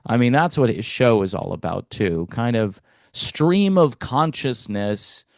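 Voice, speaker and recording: A man hosting a music commentary channel, talking in a relaxed, hesitant way with wry asides. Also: medium pitch, a little slow, gravelly, no room sound, clean studio sound. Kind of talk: casual reaction commentary.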